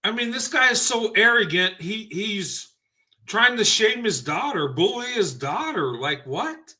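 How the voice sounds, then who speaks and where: High, bright-voiced man reacting to a clip. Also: expressive, unhurried. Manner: incredulous, mocking, laughs and imitates. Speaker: commentary channel host. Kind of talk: reaction commentary.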